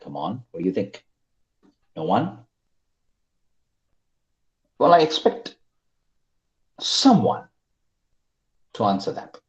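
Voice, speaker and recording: A man's voice: lowish voice, huge pitch swings, slow, pauses often, reverberant, highs cut off. A male English teacher giving an online class, repeating prompts and coaxing his students to answer.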